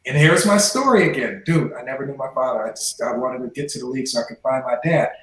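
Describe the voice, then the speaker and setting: Telling his life story in a podcast interview, a man in his forties who played in the NFL speaks fast at medium pitch and acts out the voices he quotes. Echo fills the room.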